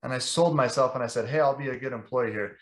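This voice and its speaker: Young man, mid-pitched voice, passionate and rambling, casual podcast guest, echoey room. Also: fast talker. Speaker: guest, sales director.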